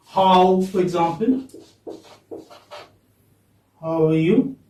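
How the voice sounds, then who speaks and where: Man, teacher, high voice, slow, distant echoey classroom. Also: warm tone. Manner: slow, drawn-out, coaxing students with repeated questions. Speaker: English teacher. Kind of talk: classroom phonetics lesson.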